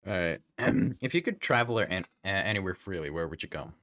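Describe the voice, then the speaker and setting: A man's voice: sits low, expressive, brisk, fairly bright tone, no echo. A man hosting a casual livestream interview, laid-back and swearing freely as he stumbles over his words. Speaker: streamer host interviewing a guest.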